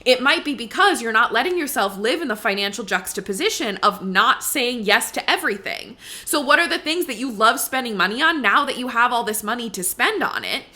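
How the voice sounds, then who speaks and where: A woman's voice: on the high side, expressive, brisk, hardly any pauses, sharp tone. A young adult woman hosting a podcast, talking casually and emphatically about money, filling her speech with "like" and "right?" and swearing freely. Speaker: podcast host and money coach.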